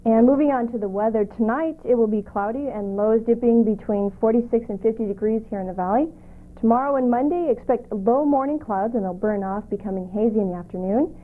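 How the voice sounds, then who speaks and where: A woman reading the local news, weather and lottery numbers in a steady, measured way on a community cable show. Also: on the high side. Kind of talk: read local news segment. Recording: tinny lo-fi videotape audio.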